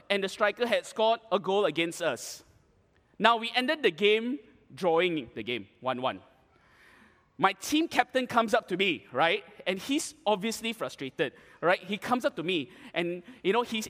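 A man preaching to an audience, telling an animated, dramatic story with playful asides. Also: high voice, big-room sound. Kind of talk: storytelling sermon.

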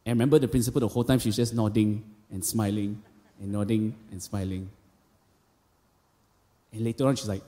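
With lively intonation and a fairly quick pace, this man's mid-range voice sounds a little mellow. He's a pastor in his thirties with a Malaysian English accent, preaching in a church auditorium with stories, quoted voices, and casual asides, all under a large hall's long reverb.

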